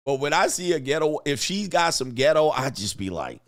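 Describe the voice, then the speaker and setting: A man's voice: on the high side, very animated, normal speed. A man hosting a livestream reaction commentary, talking in a blunt, mocking way and chuckling often. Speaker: commentary host.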